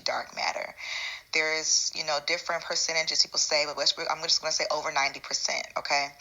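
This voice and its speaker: A woman's voice: low-pitched, pushed and bright, rough recording. A woman hosting her spiritual channel, talking casually and rambling a little, with fillers and restarts. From United States. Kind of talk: casual spiritual vlog talk.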